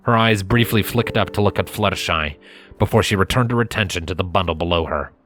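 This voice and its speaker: A man reading a fanfiction story aloud in steady, measured narration. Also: low-pitched, a little hiss or hum. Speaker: fanfiction reader.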